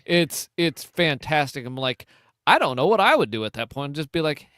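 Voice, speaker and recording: A man co-hosting a casual podcast, telling stories with wry, deadpan humor. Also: a little high, normal speed, smooth, no echo, clean studio sound. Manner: wry, deadpan jokes, storytelling. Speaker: podcast co-host.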